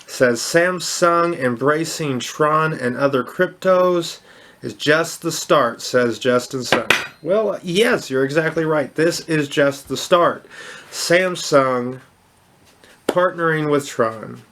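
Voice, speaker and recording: A man's voice: on the high side, takes it slowly, noisy background. A man hosting a crypto channel, talking off the cuff with lots of restarts and fillers, upbeat and enthusiastic. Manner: rambling, with many restarts and fillers. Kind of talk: casual unscripted commentary.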